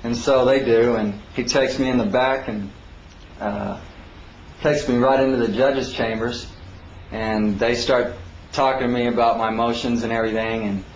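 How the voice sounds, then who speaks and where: A man casually recounting his own court hearing, acting out the others with sudden raised, high voices. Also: fairly even intonation, moderate pace. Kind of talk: casual spoken anecdote. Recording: roomy dull lo-fi recording with faint hiss.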